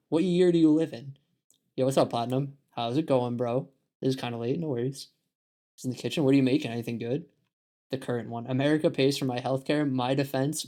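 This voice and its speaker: A man's voice: medium pitch, darkish tone. A male streamer chatting casually on a live stream, profane and sarcastic. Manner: profane, sarcastic, mocks others in put-on voices.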